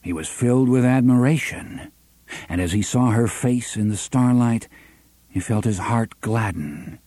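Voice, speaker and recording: A man reading a novel aloud as an audiobook narrator, measured and unhurried, sometimes dropping to a soft half-whisper. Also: mid-range voice, no echo. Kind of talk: scripted narration.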